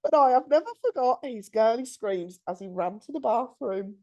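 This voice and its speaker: A woman's voice: fairly high pitch, animated, normal speed, a little mellow. A woman, co-hosting a podcast and reading out a listener's story in a chatty, giggly way. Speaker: podcast co-host.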